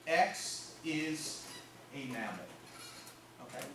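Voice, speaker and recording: A man's voice: a little high, expressive, very slow, background noise. A man giving a math lecture in class, joking with students and tagging nearly every phrase with "okay?". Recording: echoey classroom from far off.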